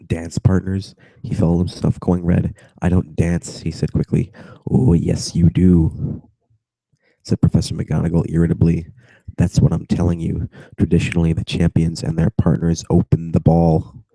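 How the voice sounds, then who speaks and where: A man's voice: low-pitched, completely flat delivery, moderate pace, gravelly, mellow, breathy edge, no echo, low-quality recording. A young man with a cold casually reads a book aloud over video chat, drifting into giggly tangents and mumbled asides. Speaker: reader.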